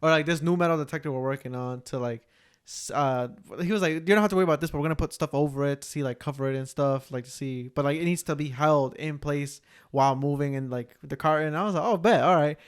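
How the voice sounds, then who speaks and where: A man's voice: fairly high pitch, fast talker, clear, resonant tone. A young man in his twenties co-hosting a podcast, telling a joking, slangy story in casual chat. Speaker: podcast co-host.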